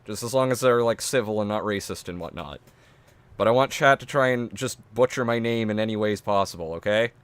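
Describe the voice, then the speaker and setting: Low-voiced man streaming, crude and dismissive. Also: brisk, clean tone, no echo. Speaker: streamer host. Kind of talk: casual reaction commentary.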